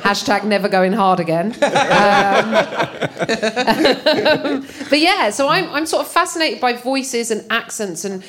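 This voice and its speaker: A woman chatting as a guest at a live podcast recording, animated and laughing often. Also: on the high side, slow pace. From United Kingdom.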